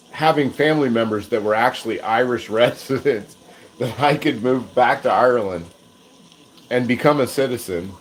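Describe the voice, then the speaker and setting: American man, casual cooking-stream host, mid pitch, chatty and self-mocking, faint sizzle in the background. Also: a little hiss or hum, low-quality recording. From United States. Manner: rambling, self-deprecating, chuckles often. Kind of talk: casual livestream chat while cooking.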